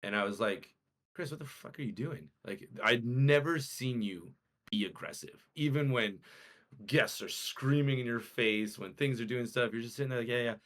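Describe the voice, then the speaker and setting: A young man co-hosting a casual podcast, telling a story in an animated way and acting out the quotes with swearing. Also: medium pitch, normal speed. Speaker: podcast co-host.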